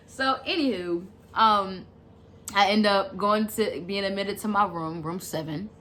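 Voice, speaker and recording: Slangy, animated young woman storyteller. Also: mid-range voice, measured pace. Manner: animated, slangy and dramatic, with side remarks. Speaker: vlogger. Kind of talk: casual storytime vlog.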